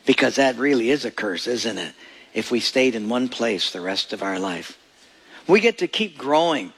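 A man preaching a sermon as pastor, storytelling and acting out voices in his anecdotes, with a gravelly voice. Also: medium pitch, big pitch swings, moderate pace, a bit bright. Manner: storytelling, acts out voices in quoted jokes. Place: church sanctuary. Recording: long reverb of a large hall.

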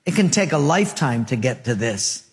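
A man's voice: medium pitch, very animated, moderate pace. A man preaching a sermon as pastor, in rhythmic repeated phrases and short punchy lines, telling stories with good humor.

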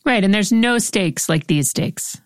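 A woman's voice: mid-range voice, animated, a little slow, no room sound, studio quality. A woman hosting an interview, reflective and empathetic as she responds to her guest. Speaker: host. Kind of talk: interview conversation.

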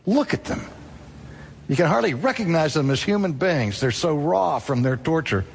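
A man preaching a sermon, telling a story dramatically with sudden rises and drops in pitch. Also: expressive, normal speed, vocal fry, big-room sound, slight background noise.

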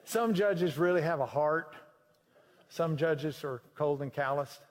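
A man preaching a sermon to a class, swinging between loud emphatic lines and quiet low ones. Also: slow. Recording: long hall reverb.

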